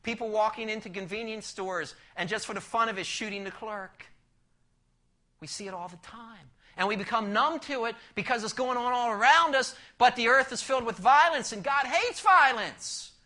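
A man delivers a sermon in a bright, cutting voice. He explains the text verse by verse and keeps asking his listeners questions. His volume swings from forceful emphasis down to a hushed near-whisper. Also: high voice. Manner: asks the listeners rhetorical questions. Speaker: preacher. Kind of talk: expository sermon.

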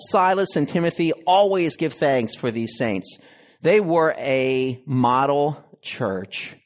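A male pastor reading scripture and preaching an expository sermon, with emphatic pauses and a deliberate delivery. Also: a little high.

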